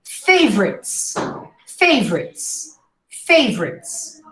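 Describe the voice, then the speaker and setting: A woman's voice: sits high, big pitch swings, slow, fairly bright tone. A woman teaching English pronunciation in a live class, saying each word several times and coaching her students. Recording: echoey room.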